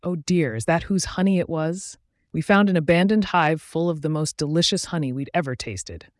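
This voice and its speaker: A man's voice: fairly high pitch, moderate pace, no room sound, studio quality, close to an everyday voice. A man voicing a kind, apologetic female queen bee in a bedtime story. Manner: gracious, apologetic.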